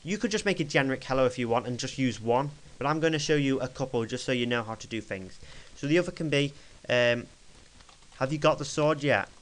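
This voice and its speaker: Young guy at his home desk narrating a step-by-step tutorial; smooth voice, easygoing, self-correcting ramble. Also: medium pitch, animated, fast talker, few pauses, a bit bright, low-quality recording. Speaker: tutorial maker. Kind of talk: casual screen-recorded software tutorial.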